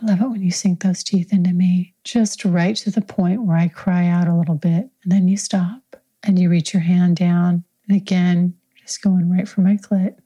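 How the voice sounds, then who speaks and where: A woman's voice: on the low side, level tone, normal speed, hardly any pauses, dark tone, husky. A woman host improvising an erotic story in the second person, intimate, frank and profane, lingering on her words. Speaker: podcast host.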